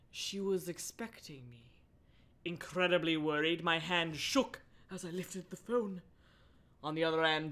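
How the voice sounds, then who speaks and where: During a live-streamed book reading, a woman offers sarcastic, joking commentary, laughing often and interrupting herself. Her voice sits low with a fairly bright tone, and she speaks unhurriedly.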